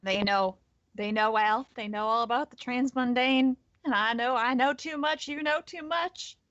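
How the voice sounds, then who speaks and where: A woman's voice: fairly high pitch, rapid-fire, lo-fi sound, pitched above the performer's own voice, lightly acted. Brief: woman voicing a scared, paranoid young woman, urgent whispered role-play.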